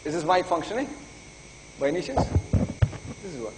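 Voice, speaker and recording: A man's voice: fairly high pitch, sing-song, brisk. A man giving a live conference talk, eager and urging the audience, calling for applause. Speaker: conference speaker. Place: conference hall. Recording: reverberant conference hall, faint noise.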